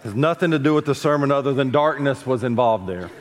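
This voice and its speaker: A male pastor preaches in a church, his steady mid-range voice trailing into a long reverb off the hall walls. He talks in a relaxed, folksy way, drifting into stories and asides. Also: mid-range voice, fast talker. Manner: folksy storytelling with asides and self-corrections. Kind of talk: sermon. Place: church sanctuary.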